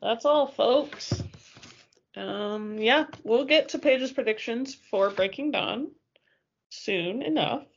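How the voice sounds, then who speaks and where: A woman's voice: a little high, animated, slow, husky, highs cut off. A woman co-hosting a podcast in casual chat, wry and teasing, laughing often. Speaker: podcast co-host.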